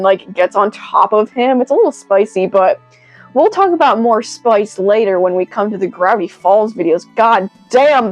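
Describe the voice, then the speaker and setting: A woman giving a casual, excitable video review, rambling with many "like" fillers. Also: a little high, no echo. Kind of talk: casual commentary.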